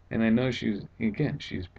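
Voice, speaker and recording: Low, creaky-voiced man, casual sarcastic vlogger, dull home recording. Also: a little mellow. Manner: sarcastic, exasperated retelling. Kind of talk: casual storytelling vlog. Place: at home indoors.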